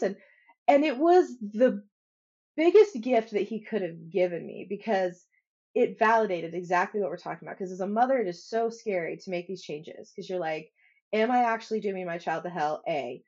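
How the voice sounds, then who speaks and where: A woman's voice: mid-range voice, expressive, moderate pace, darkish tone, breathy edge. Woman in her 40s telling a family story, gets emotional, dull lo-fi sound. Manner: emotional storyteller, acts out dialogue. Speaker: podcast guest. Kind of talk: casual interview chat.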